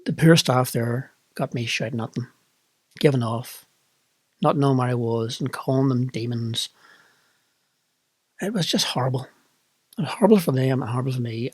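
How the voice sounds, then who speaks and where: Man, Northern Irish accent, middle-aged, husky voice, dry close sound, reflective personal storytelling. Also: medium pitch, darkish tone, no room sound. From Northern Ireland. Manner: reflective, candid, emotional. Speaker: vlogger.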